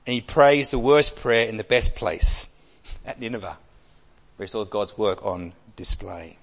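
A man's voice: on the low side, animated, measured pace. Male preacher, expository sermon, emphatic delivery, long echoing hall reverb. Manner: expository preaching, emphatic with wide swings in volume.

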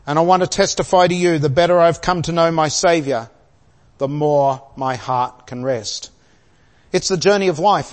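Older man preaching in a reverberant hall. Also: a little high. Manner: storytelling, chuckling, asking the congregation questions. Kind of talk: sermon.

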